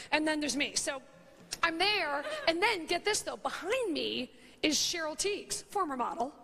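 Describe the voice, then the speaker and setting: A woman in her thirties rambling through a funny anecdote in an animated, chatty way, full of "like" and "you know", laughing at her own story. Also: high voice. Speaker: comedian and talk show host. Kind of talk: comedic storytelling monologue.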